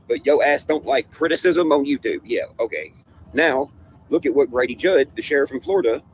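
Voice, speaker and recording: A man's voice: mid-range voice, low-quality recording. A man ranting in a casual livestream panel, profane and conspiratorial, with faint noise behind him. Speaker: panel guest.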